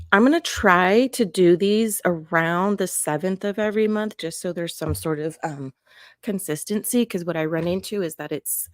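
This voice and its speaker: A woman with a low voice hosts an astrology podcast and reads charts, chatting casually in a rambling way that keeps cutting itself off. She records on camera at home, and the sound is clean and studio-like with no room sound.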